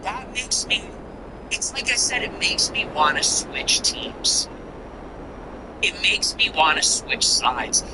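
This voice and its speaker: A man's voice: high voice, big pitch swings, slow pace, very noisy. A man hosting a commentary show, ranting contemptuously in repetitive, emphatic lists. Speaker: show host. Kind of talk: political commentary monologue.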